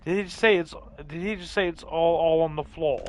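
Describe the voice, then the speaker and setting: A man's voice: on the high side, steady tone, fairly quick, slight background noise. A man from northern England hosting a live gameplay stream, chatting with viewers and reacting to the game as he plays. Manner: chatty, reads and answers viewer chat while playing. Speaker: livestream host.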